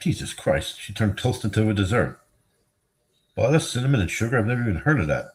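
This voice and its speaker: Middle-aged New streamer, deep voice, tired, salty, wisecracking. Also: male voice, very animated, fast talker. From New York. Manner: profane, wisecracking, easily amazed. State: tired, yawning. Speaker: streamer chatting with viewers. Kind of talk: casual chat.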